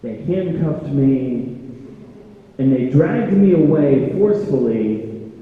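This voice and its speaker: Self-mocking stand-up comic in an echoey hall. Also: male voice, mid-range voice, lively intonation, slow. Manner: self-deprecating, acts out border guards in loud put-on voices. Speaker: stand-up comedian. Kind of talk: stand-up storytelling. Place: arts center stage. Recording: roomy hall, dull lo-fi sound.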